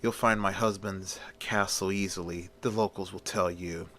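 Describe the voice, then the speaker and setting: A man's voice: low voice, steady tone, moderate pace, bright, forceful tone, a little hiss or hum. A man reading as a haughty vampire countess. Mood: cool menace. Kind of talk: amateur story reading with voices.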